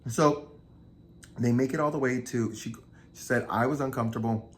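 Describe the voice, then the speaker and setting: A man's voice: mid-range voice, normal speed. Man animatedly retelling a true crime story. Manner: animated retelling, acts out quoted lines. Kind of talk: casual storytelling.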